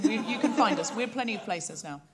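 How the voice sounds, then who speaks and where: A woman's voice: a little high, lively intonation, brisk. A woman from Australia hosting a live comedy podcast, teasing her guests and reading the sign-off like an announcer. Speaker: podcast host. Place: theatre stage with live audience. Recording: live theatre recording with loud audience and music. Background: audience laughter and music.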